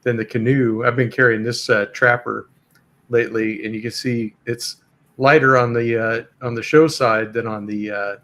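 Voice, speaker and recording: Guy hosting a relaxed live chat, lots of uhs, easygoing, mid pitch. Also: normal speed. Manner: easygoing, hesitant with many fillers. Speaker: host. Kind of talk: casual livestream chat.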